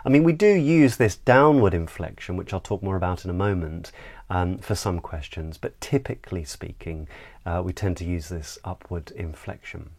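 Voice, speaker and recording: A man, a voice coach, giving a measured, explanatory lesson on intonation. He demonstrates pitch glides with sung sounds as he explains. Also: animated, darkish tone. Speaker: voice and speech coach.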